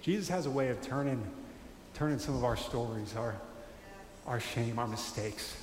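Animated preacher in an echoey hall. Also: male voice, medium pitch, normal speed, slight background noise. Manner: animated, conversational, acts out quotes. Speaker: pastor. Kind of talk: sermon. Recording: echoey hall with faint ambience.

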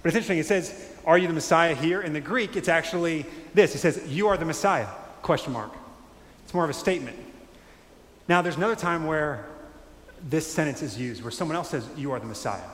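A man preaching a sermon in a conversational, animated way, acting out quotes. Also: on the high side, a little fast. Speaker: pastor. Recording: echoey hall with faint ambience.

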